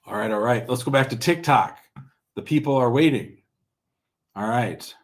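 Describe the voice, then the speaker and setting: A man's voice: mid-range voice, moderate pace. A man hosting a live call-in show, giving blunt, plain-spoken immigration advice to callers and viewers.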